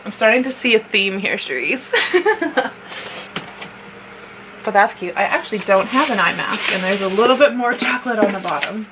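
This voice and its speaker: A woman's voice: mid-range voice, moderate pace, long pauses. A young woman from North America chatting casually as she unboxes a gift box, often laughing and squealing at cute things. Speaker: vlogger. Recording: noisy home recording.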